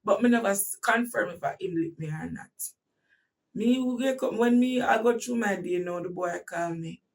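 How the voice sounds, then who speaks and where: A woman with a Jamaican accent telling a personal story in casual talk, animated and breaking into shouts at tense moments. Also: mid-range voice, moderate pace, recorded from a distance.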